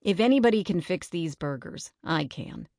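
A woman's voice: fairly low pitch, expressive, moderate pace, a little mellow, no echo, clean studio sound. A woman reading aloud, voicing a confident, good-natured boy in a near-natural voice. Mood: plain.

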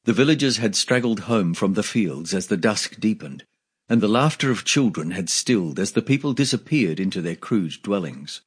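A male audiobook narrator reads a fantasy tale in a measured, steady manner. His voice sits low and has a husky, slightly breathy grain. He gives the dialogue only a light touch of character.

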